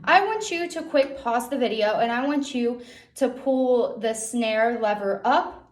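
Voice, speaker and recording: A woman's voice: a little high, measured pace. A young woman music teacher giving an online drum lesson for children, encouraging and checking in with a frequent "okay?". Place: music room. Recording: echoey room, drum hits.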